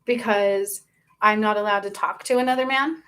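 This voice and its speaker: A woman's voice: medium pitch, steady tone, normal speed, fairly bright tone. A woman speaking as a spiritual channel host. She gives an earnest, confessional personal testimony and often stops and restarts mid-sentence. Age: adult.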